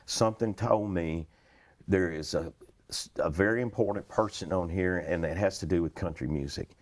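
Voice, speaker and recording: A man's voice: sits low, normal speed. A man in his sixties with a Western Kentucky accent, telling folksy stories as an interview guest and chuckling through them. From Western Kentucky, USA. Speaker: interview guest, retired flight attendant. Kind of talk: anecdotal storytelling.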